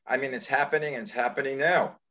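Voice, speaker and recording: A man's voice: mid-range voice, fairly even intonation, quick pace, sharp tone. A man hosting a chat show, talking earnestly with many halts and restarts. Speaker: show host. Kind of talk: casual interview chat.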